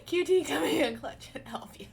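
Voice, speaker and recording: A woman live streamer chatting casually with her viewers while beading, excitable and laughing often. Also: high-pitched, brisk, gravelly, a little hiss or hum. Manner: giggly, excitable, frequently laughing.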